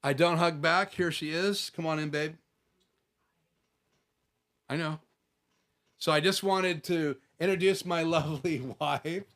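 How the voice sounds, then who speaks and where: A man with a voice a touch higher than usual hosts a relaxed live stream from his home office. He talks in a loose, chatty way, reading out viewer comments and answering each one. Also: slow pace, pauses often. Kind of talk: casual live stream chat.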